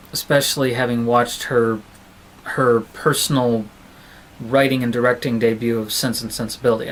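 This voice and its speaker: A man's voice: medium pitch, a bit bright, slight background noise, rough recording. A man giving a casual film review on his vlog, talking in a rambling, digressive, chatty way.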